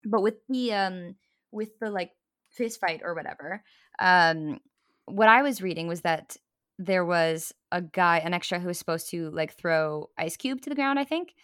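A woman's voice: fairly low pitch, normal speed, fairly bright tone, dry recording, clean studio sound. A woman co-hosting a casual podcast, talking bluntly and conversationally with fillers. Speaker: podcast co-host. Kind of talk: casual chat.

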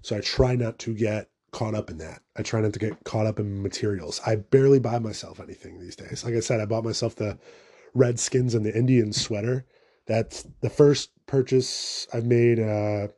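A young man runs a casual solo podcast, rambling on while swearing freely and making fun of himself. His voice is on the low side and warm, at a moderate pace.

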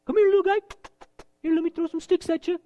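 A man's voice: very high-pitched, steady tone, quick pace, dark tone, voice pushed up. A preacher voicing a mocking giant male warrior who taunts a youth during a sermon. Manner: taunting, sneering.

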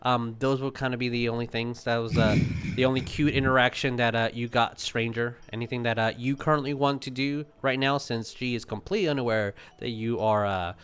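Halting man running a tabletop game. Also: mid-range voice, steady tone, fairly bright tone, slight background noise. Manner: halting, many ums and uhs. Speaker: game master.

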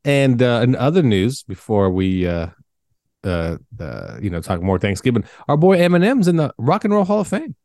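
A man's voice: mid-range voice, very animated, moderate pace, darkish tone, dry recording, studio quality. A young adult man co-hosting a casual podcast chat, laid-back and rambling, swearing now and then. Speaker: podcast co-host.

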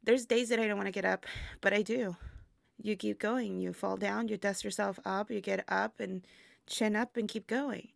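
A woman speaks with a gravelly, slightly fried texture, reflecting in a relaxed interview and breaking into laughs between thoughts. The sound is dry and close, with no room around it. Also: medium pitch, moderate pace, dry recording. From immigrant to the United States. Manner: reflective, laughs often, many fillers. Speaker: burlesque performer, guest. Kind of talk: casual interview chat.

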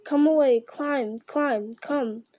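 A woman's voice: high-pitched, slow pace, warm tone, highs cut off. A woman voicing a frightened, frantic male creature who hisses his words in urgent whispers in a storybook reading.

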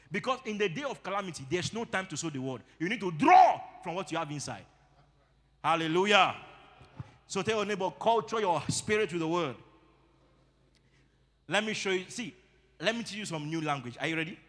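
A man preaching a sermon as lead pastor, leading call-and-response and building to shouts. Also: high voice. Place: church hall. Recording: long reverb of a church hall.

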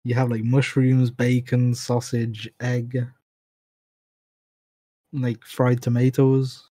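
A man from Britain chatting casually as a guest, giving brief, soft-spoken answers. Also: mid-range voice, completely flat delivery, takes it slowly, no echo, clean studio sound. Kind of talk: casual chat.

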